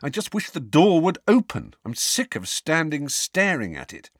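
A man reading an audiobook, voicing a frustrated teenage schoolboy who speaks flatly and with irritation. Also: on the low side, moderate pace, dry recording, clean studio sound. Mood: irritated. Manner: flat and irritated.

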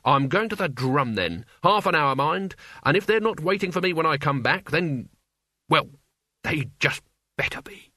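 A man voicing a gruff, irritable old male wizard who snaps his words bluntly and impatiently, in a storybook reading. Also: a little high, animated, normal speed, pushed and bright, no echo, studio quality.

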